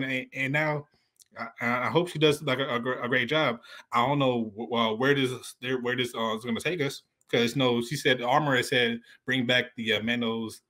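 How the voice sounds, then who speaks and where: A man sits in as a guest on a casual talk show and gives his reactions to a TV episode. He rambles and restarts his sentences often, with slangy asides. His pitch is in the middle range for a man. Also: sharp tone. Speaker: guest co-host. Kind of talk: casual show review chat.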